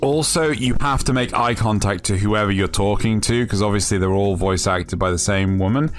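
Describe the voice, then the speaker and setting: A man hosting a casual comedy chat about anime questions, joking and animated, often jumping into high silly voices. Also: normal speed, soft background music. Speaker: host answering anime questions. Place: online voice chat.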